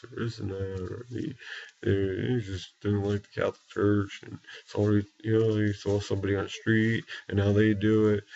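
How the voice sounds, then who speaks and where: Lower-voiced man ranting bluntly, lo-fi sound. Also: creaky. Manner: blunt, profane, repeats "okay?" and "you know". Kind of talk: angry opinion rant to camera. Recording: dull lo-fi recording.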